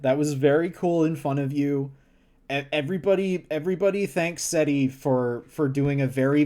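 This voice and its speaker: A man's voice: on the high side, darkish tone. A man streaming a casual read-along of a novel, laughing often and stumbling over words. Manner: giggly, stumbles and restarts often. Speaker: streamer reading a novel aloud.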